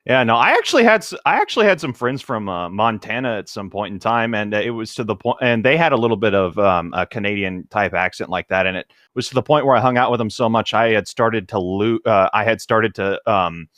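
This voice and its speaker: A man's voice: lowish voice, expressive, fairly quick, hardly any pauses, fairly bright tone, no echo, clean studio sound. A man on a casual comedy podcast, telling stories with many ums and uhs. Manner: rambling, full of ums and uhs. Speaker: podcast co-host.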